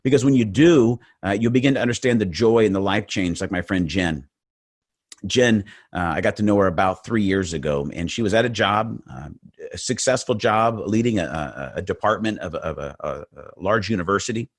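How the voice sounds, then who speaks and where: Deep-voiced earnest male webinar speaker. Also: normal speed, no echo, studio quality. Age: middle-aged. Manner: earnest, repeats words while building points. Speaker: motivational speaker. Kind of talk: faith-based webinar talk.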